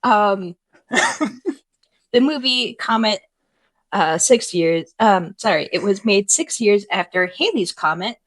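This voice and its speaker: A woman co-hosting a casual commentary podcast, recapping facts in a relaxed way with many ums. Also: medium pitch, slow pace, long pauses, dry recording. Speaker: podcast co-host.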